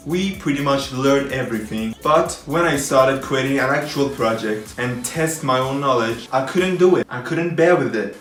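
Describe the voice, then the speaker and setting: A man's voice: medium pitch, fairly bright tone. A young man hosting a casual programming video, joking at his own expense and acting out little skits as he talks to viewers. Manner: playful, self-mocking, acts out little skits. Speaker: programming tutorial YouTuber. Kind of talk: casual humorous vlog talk. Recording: echoey room with faint music.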